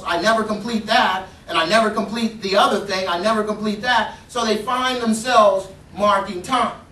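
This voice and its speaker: A man giving a motivational keynote talk, telling a story and acting out shouted dialogue with lively energy. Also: sits high. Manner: animated, acts out shouted dialogue. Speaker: motivational speaker. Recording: roomy, distant hall recording.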